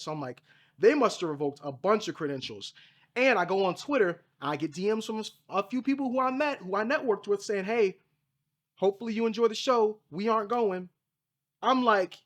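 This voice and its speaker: A young man telling a long story casually and with slang, pitching up for his own quoted reactions. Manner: animated, slangy, voices his own reactions with big rises. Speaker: independent MMA media reporter.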